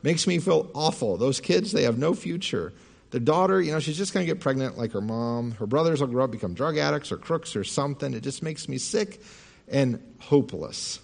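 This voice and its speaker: A man voicing a troubled young college woman who speaks haltingly and stammers. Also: mid-range voice, animated, creaky. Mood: distressed.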